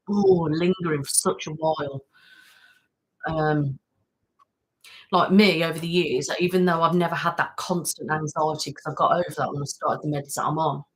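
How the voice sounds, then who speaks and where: A woman's voice: low voice, steady tone, normal speed, a bit bright, slightly rough, low-quality recording. A woman hosting an ASMR live stream, chatting casually and thanking viewers by name. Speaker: ASMR channel host. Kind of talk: casual live-stream chat reading comments. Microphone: studio mic.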